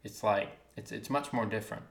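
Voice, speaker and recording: A man's voice: fairly low pitch, fairly even intonation, a little fast, vocal fry. Podcast co-host, man, Wilmington Southern accent, rambling with lots of ums, roomy sound. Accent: Wilmington North Carolina Southern. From Wilmington, North Carolina. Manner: rambling, searching for words with many ums. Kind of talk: casual podcast chat. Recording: echoey room.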